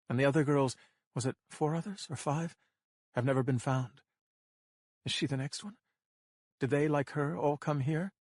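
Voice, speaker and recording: Male narrator for a suspense audiobook; even, tense delivery, dry close recording. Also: mid-range voice, slightly rough, no room sound.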